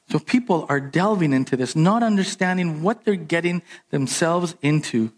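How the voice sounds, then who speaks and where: A man preaching a sermon as pastor, animated and emphatic, jumping up in pitch on his key points.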